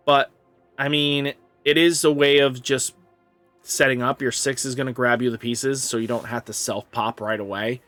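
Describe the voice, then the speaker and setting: A man's voice: medium pitch, level tone, moderate pace, fairly bright tone, dry recording, faint music behind. A man hosting his channel, talking casually through card game deck lists in a rambling, enthusiastic way, full of "you know" and "kinda". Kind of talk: casual deck-list commentary.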